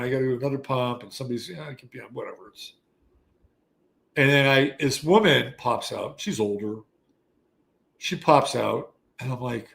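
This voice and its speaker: An older man in his sixties tells a story with a gravelly, worn edge, his voice at an ordinary middle pitch. He talks like a host chatting to his audience, animated and loose, with a good deal of swearing. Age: 60s. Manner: animated, profane, conversational. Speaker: astrology show host. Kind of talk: casual storytelling. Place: Texas.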